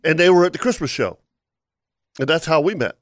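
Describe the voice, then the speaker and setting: A man's voice: a little high, animated, a little fast, no echo. Chatty male co-host, dry studio sound. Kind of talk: casual radio talk show chat.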